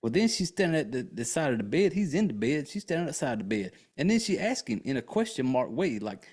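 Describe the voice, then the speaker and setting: Man, podcast host, casual film recap, crude jokes, rambling, mid-pitched voice. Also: big pitch swings, fairly quick, a little mellow, husky. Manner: rambling, crude and joking, with many fillers.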